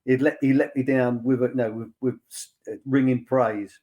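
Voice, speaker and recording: Older man, interview guest, rambling storyteller, lots of fillers, mid-pitched voice. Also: steady tone, normal speed, a little mellow, lo-fi sound. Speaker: former football academy director, guest. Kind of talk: anecdotal casual chat.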